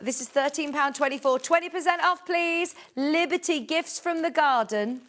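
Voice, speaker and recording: A woman's voice: high voice, moderate pace, fairly bright tone. A woman presenting on a live home shopping show, chatty and gushing as she reads out prices and product codes. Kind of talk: live TV sales pitch.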